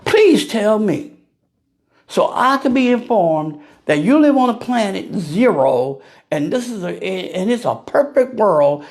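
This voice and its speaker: A man vlogs a casual political rant to camera in a high, sing-song voice at a measured pace, firing rhetorical questions and laughing at his own jokes.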